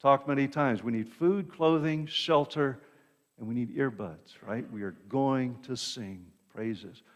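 In a hall with long reverb, a male pastor delivers a sermon conversationally, often checking in with the congregation and repeating words. His voice is mid-range and measured in pace, and the recording sounds muffled.

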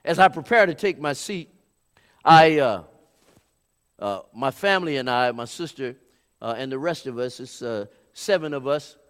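A man preaching a sermon in a storytelling way, building up to shouted high points. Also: animated, normal speed, clean tone. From California, USA. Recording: long hall reverb.

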